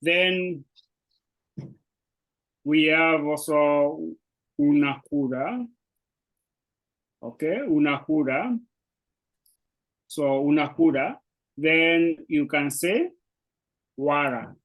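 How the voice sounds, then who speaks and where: A man's voice: a little high, extremely slow, pauses often, fairly bright tone, rough recording. A man who speaks natively, teaching a language lesson in English with a hesitant manner full of fillers and restarts. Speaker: Swahili teacher. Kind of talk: explaining an online language lesson.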